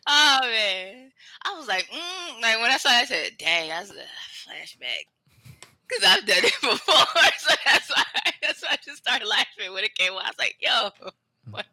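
Brief: podcast co-host, very bright tone, dry close sound, quick reactions. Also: medium pitch, big pitch swings, no room sound. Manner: laughing, chiming in with short reactions. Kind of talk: casual chat.

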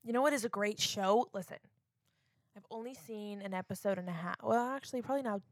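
A woman's voice: medium pitch, fast talker, no echo. Podcast co-host, woman from Florida, chatty and loose, dry mic. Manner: chatty, filler-heavy, lots of "like". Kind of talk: casual podcast chat.

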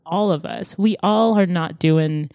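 A woman's voice: fairly low pitch, unhurried, a little mellow, no echo. A woman co-hosting a casual discussion podcast, talking in an earnest, reflective way with casual slang. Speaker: podcast co-host discussing a TV show.

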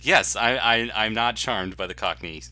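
A man's voice: on the low side, normal speed, bright, forceful tone, a little hiss or hum. A man co-hosting a movie podcast in casual chat, wry and teasing. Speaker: podcast co-host.

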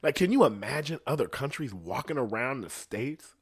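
A man's voice: medium pitch, expressive, normal speed, breathy edge. A man hosting his own podcast, talking casually in a rambling, profane way and laughing at his own jokes. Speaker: podcast host. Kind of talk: casual solo podcast rant.

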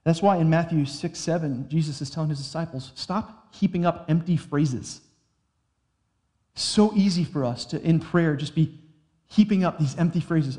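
Young guy pastor giving a sermon, mellow warm voice, slightly high, talks like a friend then slows right down. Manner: earnest, conversational preaching with slow emphatic phrases.

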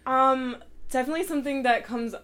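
A woman's voice: high-pitched, fairly quick, fairly bright tone. A young woman, a rabbinic intern, speaking as a podcast guest in an easygoing, thoughtful way with some hesitations. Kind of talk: casual podcast conversation.

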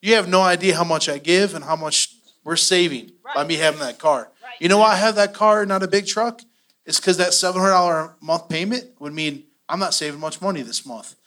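A middle-aged man teaching a church finance class, telling stories with animated, acted-out quotes. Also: a little high, a little fast. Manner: animated storytelling, acts out quotes.

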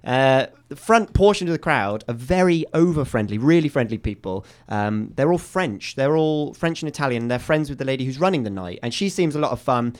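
A comedian telling animated anecdotes as a guest in a radio studio. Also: male voice, mid-range voice, brisk, hardly any pauses. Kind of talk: storytelling on a radio chat show.

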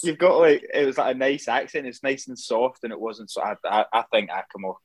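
A man's voice: mid-range voice, lively intonation, brisk, no echo. A young man with a strong Scottish accent, a tattoo artist chatting casually, who hesitates and repeats his words. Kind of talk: casual chat.

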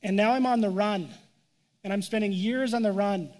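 A man's voice: high voice, normal speed, darkish tone, big-room sound, lightly acted. A man voicing an aggrieved man on the run, complaining to God in a rising, exasperated way.

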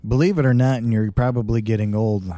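A man's voice: mid-range voice, steady tone, fast, mellow, dry recording. A man co-hosting a podcast in casual chat, rambling and correcting himself as he talks. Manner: rambling, self-correcting, loose. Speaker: podcast co-host.

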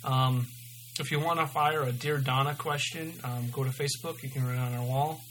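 A man's voice: mid-range voice, fairly even intonation, a little fast, fairly bright tone, a little hiss or hum, low-quality recording. A man hosting a podcast, reading his own story aloud and signing off loosely with lots of ums. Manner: loose and informal, many ums. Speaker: podcast host.

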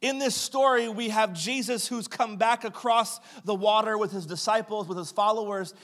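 A pastor telling funny family stories in a sermon, recorded in a church sanctuary. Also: male voice, high voice, moderate pace, a bit bright. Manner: humorous anecdotal storytelling.

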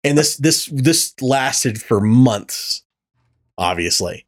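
Animated man telling stories on a podcast. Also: medium pitch, takes it slowly. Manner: animated storytelling, swearing and laughing. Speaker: podcast host. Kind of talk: casual podcast chat. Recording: poor audio from a faulty mic.

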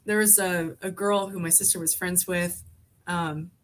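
A woman's voice: lowish voice, steady tone, unhurried, a little hiss or hum. A woman in her forties, a podcast guest from Alaska, chatting in a rambling way full of fillers and restarts. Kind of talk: casual conversation.

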